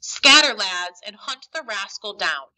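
A woman's voice: medium pitch, expressive, unhurried, bright, forceful tone, low-quality recording. A woman voicing a cruel, frantic old blind male pirate who shrieks out orders. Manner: shrieking, commanding.

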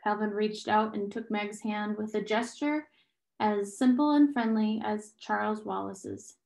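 A woman's voice: mid-range voice, steady tone, a little slow, gravelly, a little mellow, echoey room. Woman reading a novel aloud. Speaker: reader.

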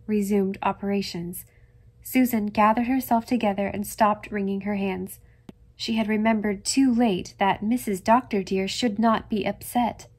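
A woman narrating a classic novel in a measured, expressive audiobook reading. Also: medium pitch.

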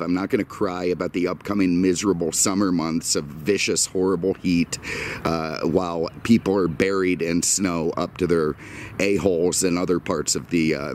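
A man's voice: low-pitched, a little mellow, a little hiss or hum. A man hosting a car video outdoors, grumbling through a sarcastic, joking rant. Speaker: car dealer and video host. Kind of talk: casual outdoor vlog rant.

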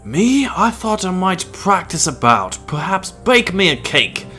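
A dry, sarcastic blacksmith played by a man answers with mock politeness. The voice is pushed up above the performer's normal pitch. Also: big pitch swings, measured pace, bright, forceful tone, faint music behind, exaggerated voice.

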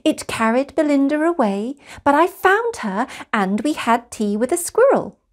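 A woman voicing a small excited girl bear cub in a children's storybook, high and eager. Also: unhurried.

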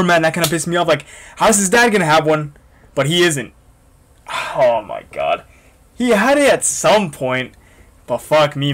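A young man hosting a reaction video, excitable and swearing often in casual commentary. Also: a little high, a little hiss or hum.

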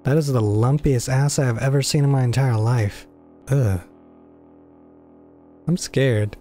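A man's voice: medium pitch, unhurried, warm tone, soft background music. A young man commentating a game as a let's play, joking and swearing in mock horror as he reads the game's text aloud. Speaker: gaming YouTuber.

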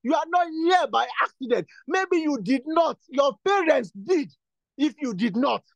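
High-voiced man leading fervent prayer. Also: expressive, measured pace, vocal fry, dry recording. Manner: repetitive, insistent, builds to fervent bursts. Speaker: prayer leader. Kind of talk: exhortation and spoken prayer.

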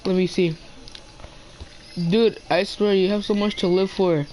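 A man's voice: sits high, steady tone, unhurried, a little mellow, a little hiss or hum, low-quality recording. Chatty teen gamer boy. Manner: playful, chatty, talks to game animals. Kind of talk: casual gameplay chat.

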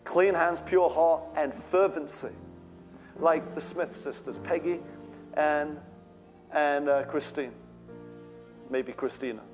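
A man's voice: a little high, steady tone, takes it slowly, pauses often, darkish tone, faint music behind. A male pastor preaching a sermon with fervent, rising outbursts.

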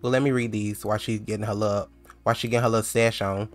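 A man's voice: on the low side, level tone, racing. A man casually commenting on a life-sim game he plays, chatty and full of slang. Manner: chatty, slangy, laughs easily. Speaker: let's play host.

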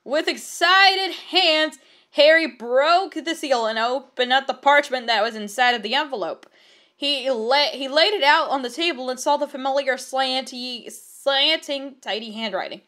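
High-voiced woman reading aloud, laughing. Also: lively intonation, measured pace, a bit bright. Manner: laughs often, stumbles over words. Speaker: reader of fan fiction. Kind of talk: reading aloud with comic commentary.

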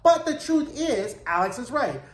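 A man's voice: extremely high pitch, sing-song, moderate pace, roomy sound. A man giving a casual, profane and opinionated recap of a TV episode. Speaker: show reviewer.

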